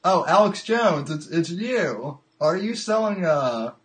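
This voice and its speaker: Slow, stammering man hosting a call-in. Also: high-pitched, very animated, a bit bright. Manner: halting, stammers and repeats words. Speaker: podcast host. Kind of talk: casual livestream call-in chat.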